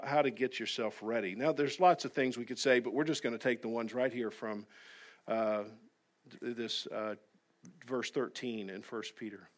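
Man preaching with earnest emphasis. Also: a little high. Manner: earnest, swings from soft asides to loud emphatic exhortation. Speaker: pastor. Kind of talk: sermon. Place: church sanctuary.

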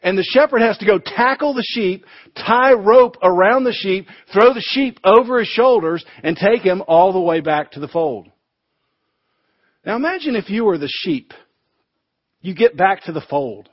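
A man's voice: sits high, animated, moderate pace, no room sound. Male pastor, sermon, conversational storyteller; dry, muffled lo-fi sound. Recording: dull lo-fi recording.

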